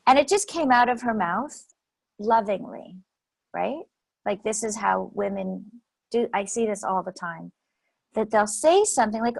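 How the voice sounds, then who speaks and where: A woman guest shares stories in an interview, her voice sitting a little high. She talks animatedly and repeats key phrases to drive them home. The sound is dry and close, with no room around her. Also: moderate pace, creaky, no room sound, rough recording. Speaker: guest speaker coach. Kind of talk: conversational interview storytelling.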